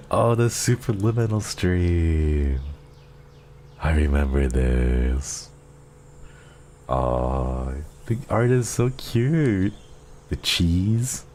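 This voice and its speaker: A male streamer chats casually on a live stream in a low, very animated voice, drawing out his words and leaving long pauses. He sounds tender, giggly and easily moved. Soft background music plays under him, with a slight hiss or hum.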